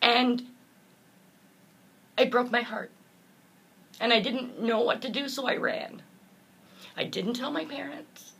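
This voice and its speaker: A woman's voice: on the high side, slow, vocal fry, pauses often, fairly bright tone, breathy edge. A woman motivational speaker, earnest and heartfelt, telling a personal story in an interview and acting out the voices of the people in it.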